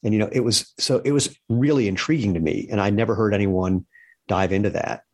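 Low-voiced male podcast host. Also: fairly quick, darkish tone. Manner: curious, storytelling, many restarts. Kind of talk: conversational interview.

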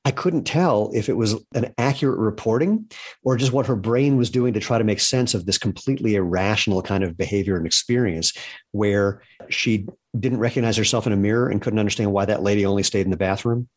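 A male podcast host speaks in a fairly low voice. He is curious and chatty and drifts into anecdotes. He restarts his sentences often. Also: a little fast, slightly rough. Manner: curious, storytelling, many restarts. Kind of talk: conversational interview.

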